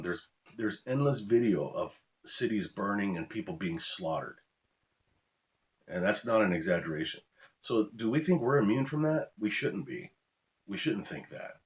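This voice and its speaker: Deep-voiced, blunt man ranting. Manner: blunt, profane, preachy warnings. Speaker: former law enforcement officer, channel host. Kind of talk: ranting monologue to camera.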